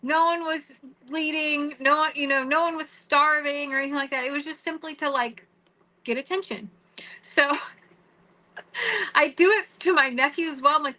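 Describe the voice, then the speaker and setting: A middle-aged woman vlogging in a casual, rambling way. Her voice sits high and sounds bright and clear, and she keeps stopping to restart a thought or quote what someone said. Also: normal speed, low-quality recording. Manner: chatty, many "like"s and restarts, quotes others. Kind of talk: casual storytelling to camera.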